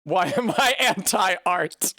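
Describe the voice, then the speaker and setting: Male game streamer, slightly high voice that jumps all over, profane and excitable, dry close sound. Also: slow pace, dry recording. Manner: animated, swears freely, bursts of laughter. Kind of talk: live gameplay commentary.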